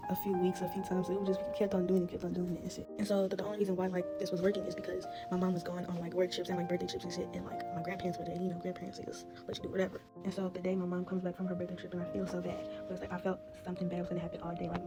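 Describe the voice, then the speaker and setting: A young woman telling a casual storytime tale, slangy, laughing as she goes. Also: medium pitch. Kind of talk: storytime vlog. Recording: music bed behind.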